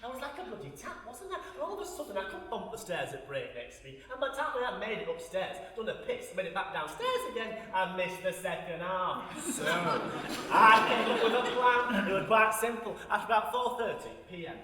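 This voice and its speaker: A man's voice: sits high, big pitch swings, fairly quick, pushed and bright, full character voice. An actor playing a lonely, foul-mouthed old woman from Sheffield in a stage monologue, blunt and darkly wry, swearing freely. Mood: grumbling wry. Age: older. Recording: echoey hall recorded from a distance.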